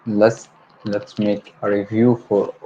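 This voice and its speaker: Slow low-voiced man drilling words. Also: completely flat delivery, dark tone, dull audio, a little hiss or hum. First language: Arabic. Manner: repeats words over and over, stumbles and corrects himself. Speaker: language learner hosting a livestream. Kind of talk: solo livestream vocabulary practice.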